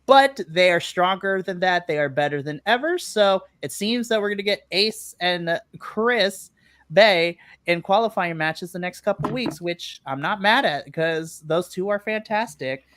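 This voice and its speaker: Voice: medium pitch, lively intonation, a little slow, a bit bright, no echo. Chatty, laughing podcast co-host, dry close sound. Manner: chatty, laughs often, acts out own reactions. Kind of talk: casual wrestling recap. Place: remote live stream.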